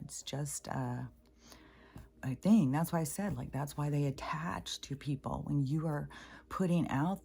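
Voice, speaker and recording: A low, warm-voiced middle-aged woman tells a personal spiritual story in a loose, rambling way. She swears casually and often jumps high in pitch to act out what others said. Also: husky. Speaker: spiritual vlogger.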